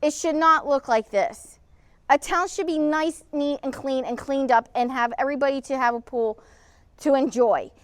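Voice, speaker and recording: Standing by an old pool outdoors, a middle-aged vlog host vents indignantly and emotionally to the camera. She speaks at a moderate pace in a high-sitting voice, and there's no echo.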